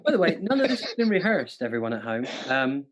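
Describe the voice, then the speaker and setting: A man's voice: fairly high pitch, sing-song, a little fast. Playful man hosting a quiz. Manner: playful, self-mocking, breaks into laughter. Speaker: quiz host. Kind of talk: live-streamed quiz hosting with jokey impressions. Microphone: studio mic with monitors.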